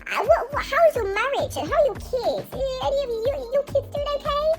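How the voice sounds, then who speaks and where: Woman putting on a shrieking inner voice, sarcastic, very high, music behind. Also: lively intonation, fairly quick. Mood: mocking. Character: indignant shrill inner voice of a woman.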